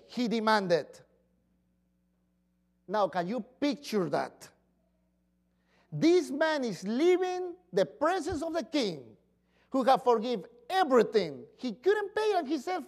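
A man's voice: very high-pitched, sing-song, slow pace, long pauses. A man preaching a sermon as pastor, acting out quoted pleas in voices.

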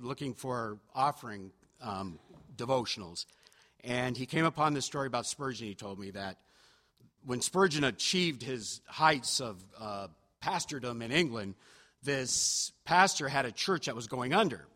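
A man's voice: medium pitch, expressive, normal speed, bright, forceful tone. A man preaching a sermon in church, telling stories in a chatty, self-deprecating way with fillers and restarts. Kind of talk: sermon storytelling. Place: church sanctuary. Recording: reverberant church hall.

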